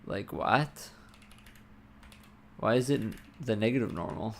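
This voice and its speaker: A man livestreaming while he codes, muttering to himself, swearing and breaking into excited bursts, with keyboard typing behind him. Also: medium pitch, slow pace, gravelly, slight background noise. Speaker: livestreamer coding a game. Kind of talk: casual live-coding stream talk.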